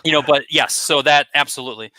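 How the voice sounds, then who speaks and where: A man giving direct, energetic marketing advice as a guest expert, talking casually with quick asides. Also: on the high side, no room sound. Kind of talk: conversational coaching advice.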